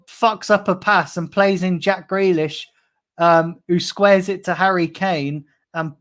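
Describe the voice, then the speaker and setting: A man's voice: high-pitched, fairly bright tone. Young guy losing it on a fan livestream, swearing nonstop, super sarcastic. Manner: angry, sweary, sarcastic ranting. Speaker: football fan channel host. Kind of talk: live-streamed fan rant.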